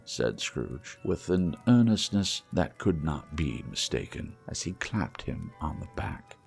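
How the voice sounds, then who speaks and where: A deep, gravelly male narrator reading a classic tale at an unhurried pace. His delivery swings widely in pitch and dips into hushed asides, with faint music underneath. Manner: expressive, shifting to hushed asides. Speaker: audiobook narrator. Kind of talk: storybook reading.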